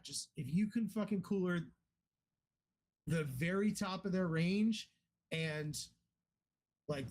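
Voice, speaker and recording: A man coaching poker in a blunt, profane, animated way. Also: on the high side, slight background noise. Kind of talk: casual coaching talk.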